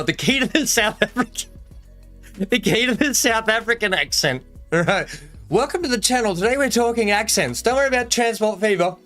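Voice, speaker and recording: A young Australian man with a high-pitched, sharp voice chats casually on a live game stream. He rambles, jokes and laughs a lot while reading out chat.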